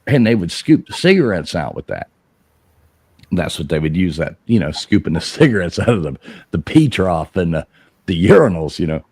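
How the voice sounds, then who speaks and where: A man with a low, deep voice and a lively pitch that swings up when he shouts quoted lines. He tells a rambling, profane story on a live show and laughs as he goes. The sound is close and dry. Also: moderate pace, slightly rough, dry recording. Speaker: show host telling a story. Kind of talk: casual live-stream storytelling.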